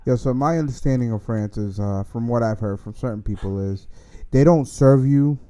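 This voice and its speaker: A man's voice: mid-range voice, normal speed, dark tone. A man hosting a podcast in casual chat, joking and teasing his co-host.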